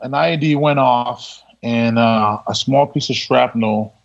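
A man telling a story as a podcast guest, laid-back and quick to laugh, with many fillers and restarts. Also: mid-range voice, gravelly. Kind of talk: casual storytelling. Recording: dull lo-fi sound.

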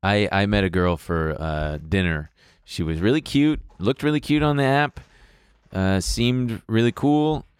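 A man with a low voice chats on a podcast and drops wry, deadpan quips. He mimics other people's voices when he tells a story. The recording is dry and close to the mic. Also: a little slow, smooth, no echo. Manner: wry quips, acts out a date's voice. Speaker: podcast co-host. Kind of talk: casual chat.

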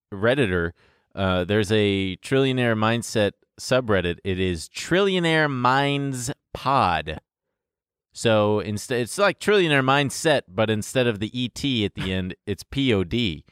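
Joking male podcast co-host, lively pitch. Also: moderate pace, smooth, no echo, studio quality. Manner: loose and joking, laughs often, swears. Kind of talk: casual comedic chat.

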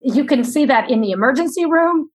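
A woman producer bringing listener questions to the host in a relaxed, conversational way. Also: high voice, fairly quick.

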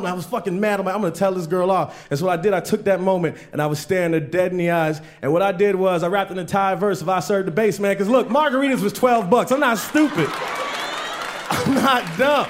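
A man performs stand-up comedy on stage with a fairly high voice. He tells long stories and jumps into loud, raised voices for the people in them. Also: fairly quick. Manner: storytelling, acts out characters in raised voices. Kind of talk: stand-up set. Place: comedy stage with live audience.

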